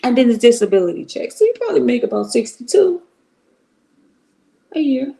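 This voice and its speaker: Middle-aged woman streamer, gravelly and a bit high, blunt and profane, talks straight to her chat. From Cleveland, Ohio. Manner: blunt, profane and animated, with drawn-out asides. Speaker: livestream commentary host. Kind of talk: casual livestream commentary.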